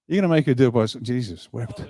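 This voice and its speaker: At an event hall, a man leading a party fires off an emphatic, animated motivational speech, joking with his audience. His medium-pitched delivery is rapid-fire, and there's no room sound.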